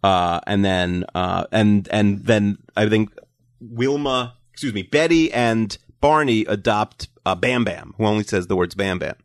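Low gravelly man hosting a podcast. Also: a little slow, dry recording, studio quality. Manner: rambling, hesitant, teasing. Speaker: podcast host. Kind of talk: casual chat.

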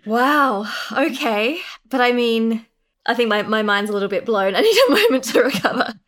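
A woman's voice: a little high, expressive, moderate pace, a bit bright. Enthusiastic woman podcast host. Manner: enthusiastic, responsive listener. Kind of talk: interview questions.

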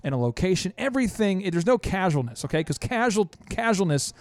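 Male show host, high and bright-sounding, energetic, animated storyteller, dry close recording. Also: fairly quick, dry recording. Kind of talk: upbeat radio-style show hosting.

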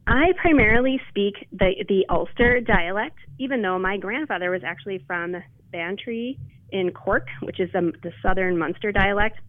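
A woman's voice: mid-range voice, normal speed, no echo. A woman calls in to a radio interview, telling her story in a chatty, eager way with frequent restarts. Her voice comes through a thin, tinny phone line. The sound is dry, with no room around it. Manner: chatty, enthusiastic, many restarts. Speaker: interview guest, linguist. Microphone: telephone.

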